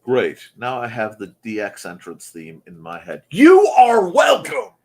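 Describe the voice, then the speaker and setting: His voice runs slightly low and his pace is normal. He's the host of an easygoing morning show, clowning around over viewer comments and throwing in silly announcer-style asides.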